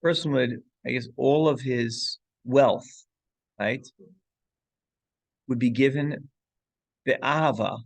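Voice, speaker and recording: A man leads a relaxed Torah class. His voice is gravelly, and the recording sounds close and dry. He wanders through a story with restarts and asides and drops Hebrew and Yiddish phrases into his English. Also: medium pitch, slow, pauses often, dry recording. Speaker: rabbi teaching a class.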